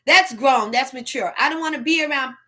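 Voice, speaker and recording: New lady ranting on her live, high bright voice, slow drawl, loud and laughing a lot. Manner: loud, animated, quick to laugh and shout. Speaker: livestream host. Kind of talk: casual livestream chat.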